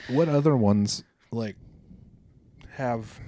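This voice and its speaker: A man's voice: on the low side, normal speed, no echo. A man co-hosting a podcast in casual chat, jokey and rambling, swearing now and then. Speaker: podcast co-host.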